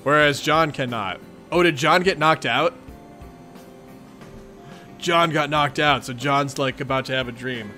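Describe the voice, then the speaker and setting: A young man reading a webcomic aloud and chatting through his reactions in an excitable, rambling way. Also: a little high, measured pace, long pauses, faint music behind. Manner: excitable, chatty, lots of fillers. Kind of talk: casual reaction commentary.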